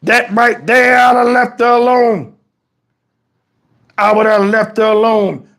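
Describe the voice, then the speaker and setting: Voicing an outraged old father, a man speaks slowly in a very high voice with a flat delivery, though the performance is heavily acted. The indignant, preachy character scolds in exasperation, swears, and now and then shouts in this comic rant.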